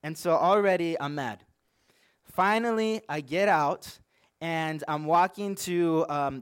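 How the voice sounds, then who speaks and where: A young male pastor with a slightly high voice tells a story from the pulpit. He speaks earnestly and with animation, often filling his sentences with "like". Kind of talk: sermon storytelling.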